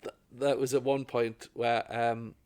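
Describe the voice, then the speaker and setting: A man's voice: mid-range voice, level tone, a little slow, a little mellow, smooth. A middle-aged man, a stand-up comedian telling rambling anecdotes in casual chat, with plenty of restarts. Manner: rambling anecdotes, acts out quoted voices, lots of restarts.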